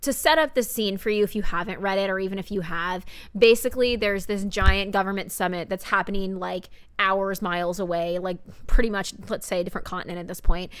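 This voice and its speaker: Young woman podcast co-host, animated casual chat, mid-range pitch. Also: a little fast, hardly any pauses, clean tone. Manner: animated, lots of fillers and retold quotes.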